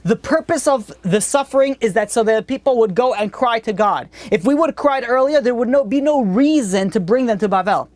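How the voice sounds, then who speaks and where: A woman's voice: on the high side, expressive, fairly quick, hardly any pauses, a little mellow, no echo. A woman giving a religious lesson in a blunt, conversational way, with frequent restarts. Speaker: Torah teacher.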